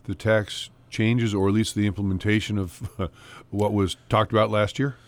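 A man's voice: lowish voice, level tone, normal speed, no room sound. A man hosting a morning radio show, chatting in a playful, joking way. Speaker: radio host.

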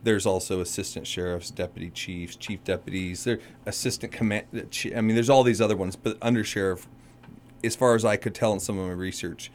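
A deep-voiced man chats as a guest in a radio studio, rambling, stopping and correcting himself as he works through his answers. A faint hum of ambience sits behind him. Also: fairly even intonation. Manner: rambling, halting, self-correcting. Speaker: undersheriff guest. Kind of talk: casual radio interview.

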